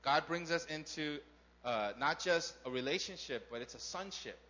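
A man's voice: a little high, lively intonation, normal speed, bright, forceful tone, highs cut off. A man preaching a sermon to his congregation, talking casually and often asking the crowd questions. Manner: conversational, asks the crowd questions. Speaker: pastor. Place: church in Korea.

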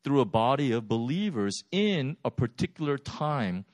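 Animated pastor telling a story. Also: male voice, medium pitch, normal speed, no room sound, studio quality. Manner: animated, lively storytelling with laughs. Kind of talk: sermon storytelling.

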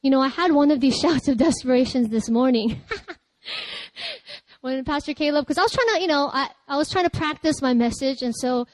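High-voiced woman pastor preaching with dry closeness. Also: fairly quick, no echo, rough recording. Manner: lively, chatty preaching with laughter and loud cries. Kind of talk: sermon.

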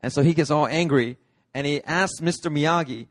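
A man preaching a lively, story-driven sermon, slipping into playful character voices as he goes. His voice sits a little high for a man. The sound is dry and close. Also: moderate pace, no room sound. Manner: animated, acts out movie characters with put-on voices. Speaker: pastor. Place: church hall, dry sound.

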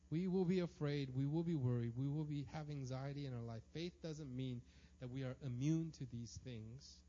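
A man's voice: medium pitch, normal speed, mellow. A man preaching a sermon, emphatic and acting out the prayers and voices he quotes. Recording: dull lo-fi sound.

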